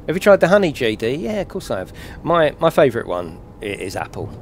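Jokey British man streaming, lively voice. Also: mid-range voice, a little fast, a little hiss or hum. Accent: British English. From England. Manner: chatty and jokey, swears, laughs often. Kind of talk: casual live-stream chat while playing.

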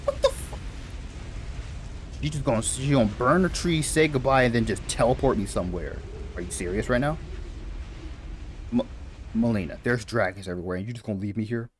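A gaming YouTuber does casual let's-play commentary, talking to the game's characters, muttering and laughing to himself in an animated way. His voice is medium-pitched and fast, with a little hiss or hum in the recording.

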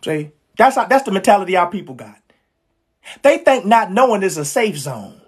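In a husky, mid-range, sing-song voice at a moderate pace, a woman gives a live-streamed street-style sermon. She's fervent and emphatic, repeating phrases and calling out to listeners in slangy, casual speech.

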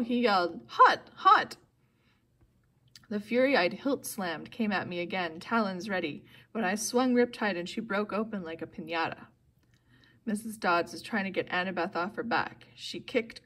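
Narrating an audiobook, a woman reads a novel steadily. She raises her voice, louder and higher, whenever she voices the characters.

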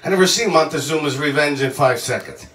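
A man with a fairly high voice tells a wild travel anecdote, cursing freely and getting worked up as he jumps from one thought to the next. His voice bounces around an echoey room, picked up from a few feet away. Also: fairly quick. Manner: excitable, profane, jumps around mid-sentence. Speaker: storyteller. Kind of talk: casual rambling anecdote. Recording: echoey room, mic at a distance.

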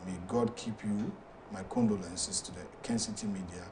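A man with a Ghanaian accent hosting a talk show, reading viewer messages aloud in a halting way with many fillers. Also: lowish voice, far from the mic, noisy background.

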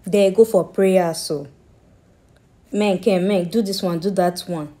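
A woman tells how her father died, halting and repeating her words, with a pleading, accusing tone. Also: lowish voice, steady tone, warm tone. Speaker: grieving daughter telling her story. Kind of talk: emotional personal account.

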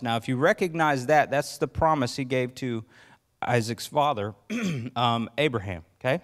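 A male pastor preaching a sermon in church, telling the story with lively acted-out voices and questions to the congregation. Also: normal speed. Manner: acts out quoted voices with rising pitch.

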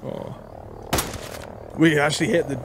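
Excitable man doing gameplay commentary. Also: fairly high pitch, measured pace, background noise. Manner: excitable, exclaiming and joking. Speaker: gaming YouTuber.

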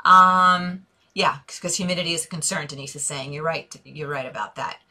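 Middle-aged female host, bright and forceful, lowish voice, chatty live-stream design chat, answers viewer comments. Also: moderate pace. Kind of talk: casual Facebook Live chat. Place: home office desk.

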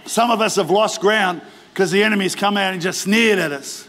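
High-voiced, animated male preacher. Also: moderate pace. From Australia. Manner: animated preaching, acting out biblical characters; rises to shouting exhortation. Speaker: pastor. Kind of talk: sermon. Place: large church auditorium.

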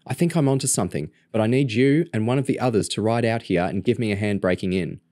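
A man's voice: lowish voice, quick pace, a little mellow, no room sound, studio quality, voice pushed up, close to an everyday voice. A man voicing a bossy, determined teenage girl agent who talks in urgent, clipped commands.

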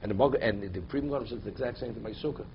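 A man's voice: medium pitch, racing, dull audio, a little hiss or hum. Man teaching a text-based halacha class. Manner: reads Hebrew text aloud, then explains it in English. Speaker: Torah teacher.

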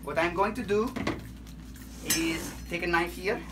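A man's voice: high-pitched, unhurried. A man teaching a casual Bible lesson in a home kitchen, talking in a playful way with joking asides. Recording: distant mic with noisy background.

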